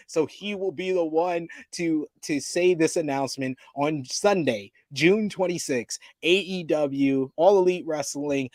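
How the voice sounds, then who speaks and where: A man's voice: on the high side, a little mellow, no room sound. A man co-hosting a casual wrestling review, recapping the show with frequent laughs. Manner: laughs often while recapping. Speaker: co-host.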